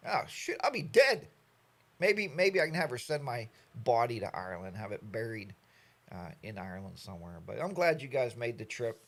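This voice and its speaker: Older male stream host, casual chatty delivery, lively up-and-down voice, middle pitch. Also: moderate pace. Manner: rambling, jokey, animated storytelling. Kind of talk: casual chat greeting viewers.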